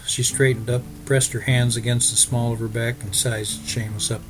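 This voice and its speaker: A man narrating a story in a steady, measured way. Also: mid-range voice, rough recording. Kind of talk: scripted audiobook narration.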